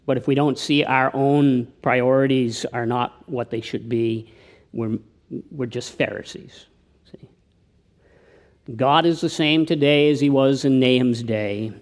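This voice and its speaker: A man preaching a sermon, who tells anecdotes and often drops to a hushed tone for his appeals. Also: medium pitch, steady tone, unhurried. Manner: tells anecdotes, with slips and restarts. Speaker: pastor.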